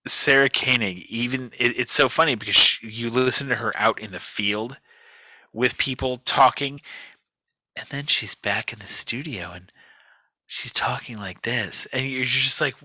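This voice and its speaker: A man's voice: medium pitch, normal speed, sharp tone, no room sound. A man hosting a pop culture podcast, chatting casually in a jokey, rambling way. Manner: jokey, rambling, swears freely. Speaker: podcast host. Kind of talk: casual chat.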